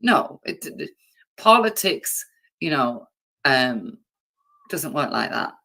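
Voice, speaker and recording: A woman's voice: rumbling low, sing-song, takes it slowly, gravelly, pushed and bright. A woman hosting a livestream, ranting bluntly with profanity and rhetorical questions. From Britain. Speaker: livestream host. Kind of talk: livestream political rant.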